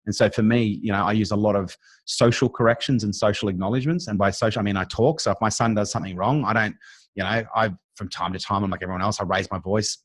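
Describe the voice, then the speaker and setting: A man's voice: on the low side, no echo. A middle-aged Australian man talking bluntly as an interview guest, swearing freely in casual chat. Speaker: interview guest, business strategist.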